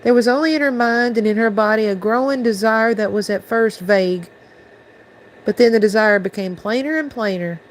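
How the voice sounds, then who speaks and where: A woman host reading a storybook aloud in a steady, even narration. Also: fairly high pitch, normal speed, low-quality recording.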